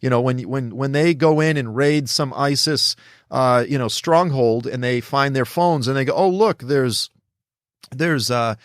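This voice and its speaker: A man's voice: medium pitch, normal speed, clear, resonant tone, no echo, studio quality. A middle-aged man from the United States giving impassioned political commentary, emphatic and preachy, raising his voice to act out quotes. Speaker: author and commentator.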